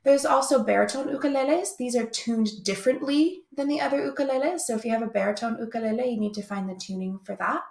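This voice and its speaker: A woman's voice: on the high side, fast talker, creaky, hardly any pauses, darkish tone, reverberant. A young woman teaching an online music lesson in an upbeat, chatty way. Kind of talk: recorded video lesson.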